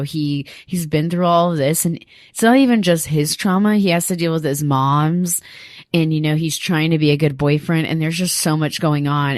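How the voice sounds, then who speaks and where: A woman's voice: deep voice, no room sound, studio quality. A woman co-hosting a movie review podcast, chatty and earnest, with lots of filler words. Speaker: podcast co-host. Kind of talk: casual movie review chat.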